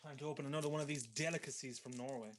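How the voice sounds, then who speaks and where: A man co-hosting an online talk show, crude and easygoing, and he swears freely. His voice sits at a middling pitch. A faint hiss of noise runs under it. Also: steady tone, very fast. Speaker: co-host. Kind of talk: casual chat on an internet radio show.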